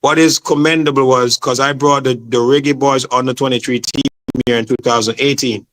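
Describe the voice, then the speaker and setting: A man's voice: medium pitch, steady tone, a little fast, a bit bright. A man from Saint Vincent, talking passionately as an interview guest and repeating "man" and "bro". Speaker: football promoter, guest. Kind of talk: casual interview chat.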